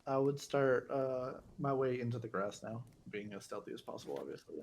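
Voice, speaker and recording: A man at a tabletop game speaks in a cautious, hesitant way, padding his questions with fillers. His voice is mellow and dark, with faint noise behind him. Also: mid-range voice, a little fast. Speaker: player. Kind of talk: casual chat at a game table.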